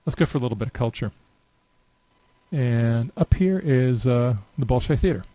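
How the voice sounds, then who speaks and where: A man walks through software on a screen share in a loose, unscripted way, calm and conversational, with frequent filler pauses as he clicks. He speaks at a normal middle pitch without rushing. The low-quality recording has no room sound.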